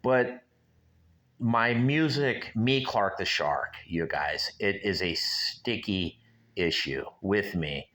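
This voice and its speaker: Rambling man in his sixties, bright voice. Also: on the low side, lively intonation, slow pace. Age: 60s. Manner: rambling, musing, talks to viewers directly. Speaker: show host. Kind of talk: casual solo vlog chat.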